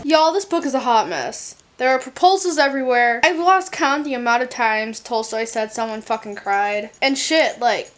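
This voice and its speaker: A young woman talks straight to camera from home in a casual reading vlog, candid and a little exasperated, with plenty of swearing. Her voice sits high. A faint hum from the air conditioner runs underneath. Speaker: book vlogger. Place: home, indoors.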